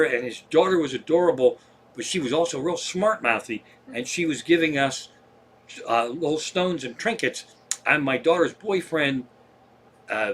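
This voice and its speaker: A man's voice: a little high, sharp tone. A man, a comedian, telling rambling, profane travel stories on a livestream from home. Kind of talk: casual stand-up storytelling.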